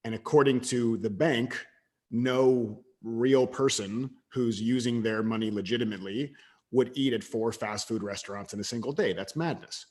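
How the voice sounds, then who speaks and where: A man in his thirties, a podcast guest telling a story from his past in an animated way, with quick bursts of louder talk and stammered restarts. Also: mid-range voice. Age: 30s. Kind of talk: casual storytelling interview.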